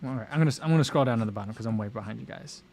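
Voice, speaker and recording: A man's voice: mid-range voice, very fast, creaky, a little mellow, a little hiss or hum. Chatty man rambling to his livestream chat. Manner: chatty and rambling, many fillers and self-interruptions. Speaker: livestream host reading chat.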